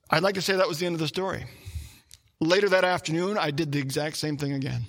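A male preacher with a bright, forward voice pitched a little above the usual, telling a story in his sermon with lively energy. He acts out the shouts and his own inner thoughts as he goes. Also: racing, in a large hall. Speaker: pastor.

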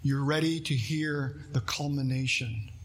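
A man's voice: medium pitch, unhurried, husky. A man preaching a sermon as pastor, earnest, reading scripture aloud and asking his listeners questions.

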